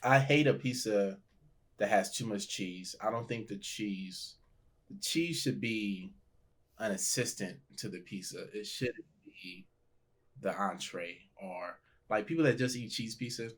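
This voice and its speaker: A man's voice: lowish voice, a little slow, a bit bright. A man from Nigeria, a comedian guest, joking and teasing in a casual podcast chat and laughing often.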